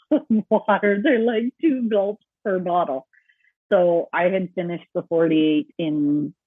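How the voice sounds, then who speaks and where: A woman's voice: medium pitch, husky, no room sound. Chatty woman on a tinny line. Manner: chatty, laughs often, acts out quoted voices. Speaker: podcast co-host. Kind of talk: casual chat. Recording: tinny phone-like remote line.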